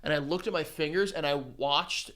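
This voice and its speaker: A man's voice: fairly high pitch, a bit bright. A man co-hosting a podcast, joking around in casual, profane banter. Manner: joking, profane, quick to laugh. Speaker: podcast co-host.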